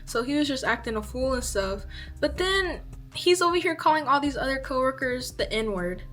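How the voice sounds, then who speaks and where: A woman in her twenties with a slightly high voice tells a casual storytime vlog. She acts out her own reactions with plenty of expression, and soft music plays underneath her talk. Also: lively intonation, a little fast. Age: 20s. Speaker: vlogger.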